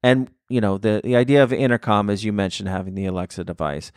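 A man in his thirties co-hosting a casual podcast, rambling and reflective and quick to laugh. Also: lowish voice, steady tone, a little mellow, clear, resonant tone, no room sound, studio quality. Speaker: podcast co-host. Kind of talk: casual chat.

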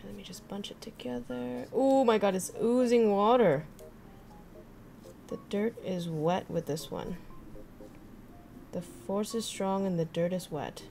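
A woman's voice: mid-range voice, measured pace, creaky, pauses often, warm tone, slight background noise. A young woman streaming, thinking aloud and chatting casually with her viewers as she works. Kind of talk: casual livestream chat while crafting.

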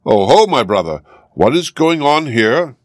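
A man voicing Eisenkopf, a male pursuer who taunts slowly and mockingly, in a storybook reading. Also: mid-range voice, very animated, dry recording, pitched above the performer's own voice. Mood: taunting.

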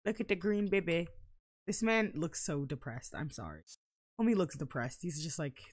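A young woman commenting casually on her life-simulation game, playful and giggly, with sudden loud bursts of excitement. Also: on the low side, normal speed, dry recording. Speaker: gameplay commentator. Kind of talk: casual let's-play commentary.

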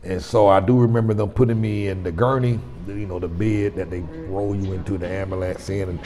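A man's voice: low-pitched, fairly even intonation, fairly quick, over music. A man in his forties hosting his own vlog, telling a personal story in a rambling, conversational way with frequent restarts. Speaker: vlogger host. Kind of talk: casual storytelling to camera. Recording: long reverb.

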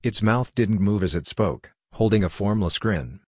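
A man narrating a scripted horror story in a measured, solemn first-person telling. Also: fairly low pitch, no echo, clean studio sound.

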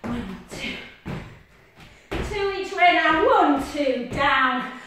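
High-voiced woman instructor. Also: animated, drawn-out words. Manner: upbeat, counting out reps with whoops. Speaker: fitness instructor. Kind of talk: leading a workout class. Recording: echoey distant room with noise.

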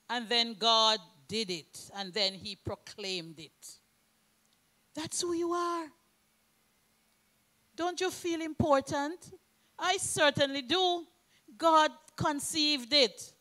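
A woman preaching a sermon, slow and emphatic, reading scripture aloud. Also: high-pitched, sharp tone.

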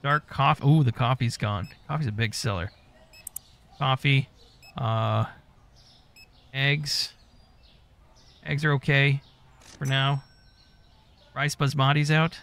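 A man's voice: medium pitch, fairly even intonation, slow, creaky, long pauses, fairly bright tone. A man giving casual gameplay commentary, muttering to himself as he goes and swearing often. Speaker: gaming YouTuber.

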